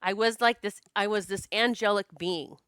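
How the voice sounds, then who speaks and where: A woman psychic-medium host tells a personal story in a chatty, earnest way, often quoting her own thoughts. Her voice is smooth and clear, with a mid pitch. The recording is close and dry, with no room sound. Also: normal speed, no room sound. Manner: animated, chatty, frequent restarts and quoted self-talk; spiritual, earnest.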